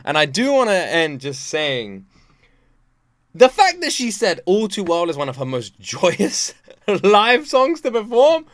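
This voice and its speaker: An excitable man talking straight to camera for his reaction channel, voice leaping up high when he gets worked up. He laughs often and stumbles through restarts. The sound is close and dry. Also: unhurried, dry recording. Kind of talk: casual reaction commentary.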